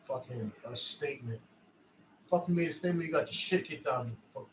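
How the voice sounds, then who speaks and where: A man's voice: mid-range voice, brisk, a little hiss or hum. A man co-hosting a live fight reaction show, ranting heatedly with lots of profanity and repetition. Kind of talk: casual live reaction chat.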